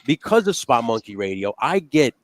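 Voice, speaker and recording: Guy hosting a wrestling show, heated and sweary, mid pitch, dead dry mic. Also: very animated, normal speed, no room sound. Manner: heated, profane ranting. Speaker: podcast co-host. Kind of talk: casual wrestling chat.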